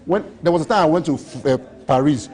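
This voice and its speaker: A man's voice: a little high, a little fast, darkish tone. A Nigerian man in a street interview, rambling playfully and boasting, repeating his phrases.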